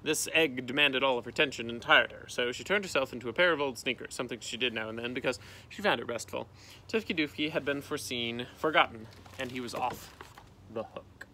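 A man, a teacher, reading a storybook aloud outdoors, with lively voices for the characters and a gentle sign-off. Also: mid-range voice, a little fast, a little hiss or hum. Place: outdoors in a canoe.

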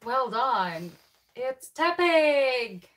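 A woman from England co-hosting a casual unboxing, giggly and excitable. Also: high-pitched, very slow, recorded from a distance. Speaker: co-host.

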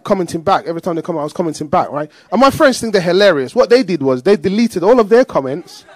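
High-voiced man telling stand-up stories. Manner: animated storytelling, laughing at his own jokes. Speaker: stand-up comedian. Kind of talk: stand-up comedy set.

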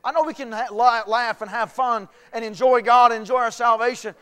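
A man preaching a sermon as pastor, swinging from quiet earnest talk to shouted emphasis. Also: very high voice, fairly even intonation, a little fast, clear, resonant tone. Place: church sanctuary.

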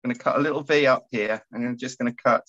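A man guiding a paper craft tutorial, chatty and quick to laugh. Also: medium pitch, dull audio. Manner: animated, giggly and chatty. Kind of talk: casual craft tutorial chat.

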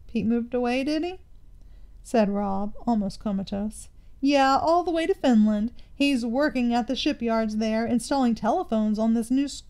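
A woman's voice: fairly high pitch, darkish tone. Woman reading a children's storybook aloud.

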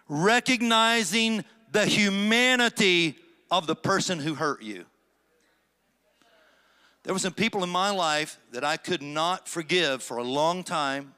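A middle-aged man, a pastor, preaching a sermon with dramatic slow phrases and rising emphasis. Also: sits high, pushed and bright.

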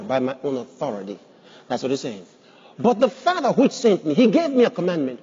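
A man's voice: a little high, darkish tone, husky. A man preaching a sermon as pastor, emphatic, putting rhetorical questions to his congregation. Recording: dull sound with long hall reverb.

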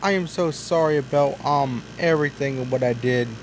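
A man's voice: mid-range voice, moderate pace, slight background noise, voice pushed down, lightly acted, low-quality recording. A man voicing a young male toy truck who is guilty and anxious, stammering through apologies in a hobby toy drama. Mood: apologetic.

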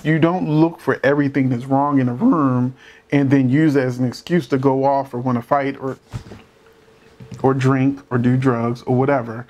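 Male commentator, casual and opinionated, emphatic with rhetorical questions; medium pitch, muffled lo-fi audio. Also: steady tone, normal speed, a little mellow. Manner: holds back from cursing. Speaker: commentator reacting to a court show.

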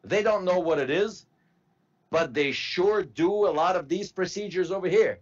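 A man teaching medical terminology to a class, slowly spelling out word parts and asking students to repeat. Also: high-pitched, dull audio. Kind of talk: classroom lecture.

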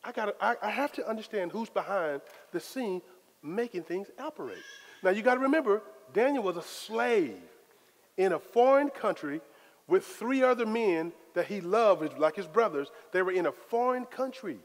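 A man preaching a sermon as pastor, in a lively, conversational style full of casual Southern phrasing. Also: high voice, moderate pace. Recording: long hall reverb.

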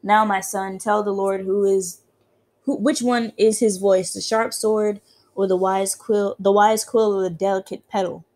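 A woman's voice: mid-range voice, fairly even intonation, unhurried, a little mellow, close to an everyday voice. A woman reading as a blind old priest. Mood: solemn. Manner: solemn, preaching, chanting prayers. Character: frail blind old male priest, fervent. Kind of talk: reading game dialogue aloud.

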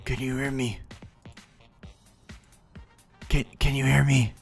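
A man faking a deeper voice to play a mysterious hacker on a voice call. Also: flat delivery, brisk, gravelly, faint music behind, natural voice. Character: mysterious male hacker on a call, deep fake voice.

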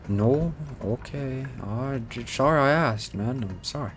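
A man giving excitable let's-play commentary, swearing, joking and pleading with the game as he plays. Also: mid-range voice, a little slow, background noise. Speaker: gaming YouTuber.

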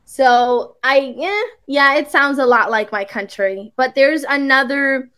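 Slow-speaking woman. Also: high-pitched, fairly bright tone, smooth. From Puerto Rico. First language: Spanish. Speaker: English tutor. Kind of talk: casual conversation lesson on a video call.

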